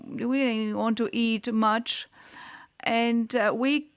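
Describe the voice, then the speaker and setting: A woman giving a simultaneous interpretation in the first person, slow and halting. Her voice is smooth and clear, and fillers break up her sentences. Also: fairly high pitch, steady tone. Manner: hesitant, halting, many fillers.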